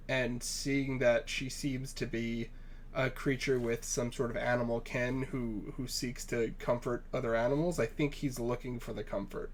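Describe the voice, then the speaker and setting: A man playing in a tabletop role-playing game over an online voice call, describing his character in a deliberate, thoughtful way with pauses. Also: medium pitch, a little mellow, slight background noise. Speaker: player.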